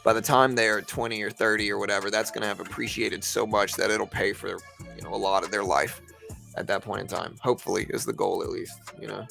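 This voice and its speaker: Gravelly man chatting casually on stream. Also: on the low side, fairly even intonation, fairly quick, pushed and bright, faint music behind. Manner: rambling, full of fillers like "man" and "like". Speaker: trading live-stream host. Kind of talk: casual live-stream chat.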